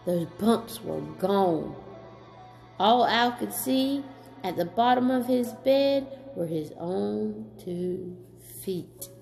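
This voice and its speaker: A woman reading a children's story aloud as storyteller, gentle and slow, chatting to a child in between. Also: medium pitch, lively intonation, vocal fry, soft background music.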